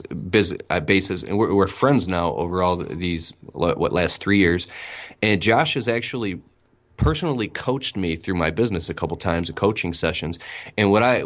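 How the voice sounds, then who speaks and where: Man, podcast guest, excitable and rambling, low voice, muffled lo-fi sound. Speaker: guest, window cleaning business owner. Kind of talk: casual podcast conversation.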